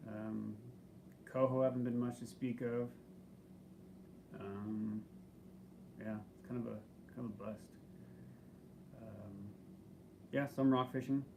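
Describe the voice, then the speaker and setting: A man with a gravelly voice co-hosting a live stream, chatting in a laid-back, halting way. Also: mid-range voice, darkish tone, slight background noise. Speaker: channel co-host. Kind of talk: casual live-stream chat.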